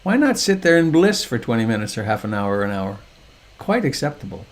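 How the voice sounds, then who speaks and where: An older man teaching meditation over a video call, speaking softly and unhurriedly with gentle humor. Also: medium pitch, sing-song, brisk.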